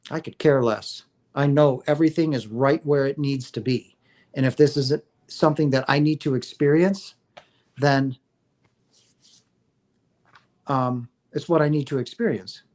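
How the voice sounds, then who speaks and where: A man's voice: mid-range voice, normal speed, darkish tone. A middle-aged man talks on his own livestream in a middle-range voice. His speech rambles and restarts, with many fillers. He sounds earnest and affectionate toward his viewers. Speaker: livestream host. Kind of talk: casual spiritual talk on a livestream.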